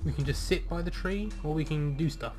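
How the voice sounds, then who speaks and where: Man, let's play commentary, slightly high voice, theatrical reading of game text, faint music behind. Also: fairly quick. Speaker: video game let's player.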